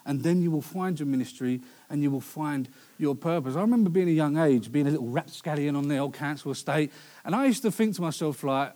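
A man's voice: on the high side, animated, fast talker, a little mellow. A young man preaching a sermon in a conversational way, with storytelling asides.

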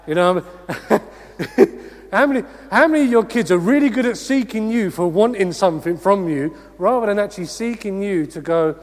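A man delivering an energetic sermon in a fairly high voice. He preaches with rhetorical questions and calls out to the congregation. His voice rings through a large church hall with a long reverb tail. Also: normal speed.

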